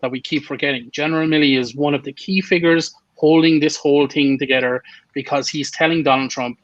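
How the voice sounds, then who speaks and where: A man's voice: a little high, steady tone, fairly quick, a bit bright, no room sound, highs cut off. A man co-hosting a casual political chat show, blunt and opinionated, swearing freely. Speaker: podcast co-host.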